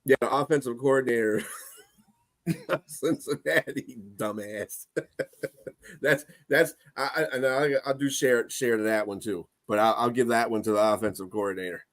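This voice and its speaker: A man's voice: medium pitch, a little slow, no echo, clean studio sound. A man co-hosting casual sports talk, blunt and profane.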